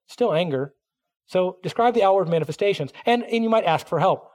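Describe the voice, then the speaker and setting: A middle-aged man preaching a sermon, animated, acting out quoted voices as he teaches. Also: high-pitched, brisk. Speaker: pastor.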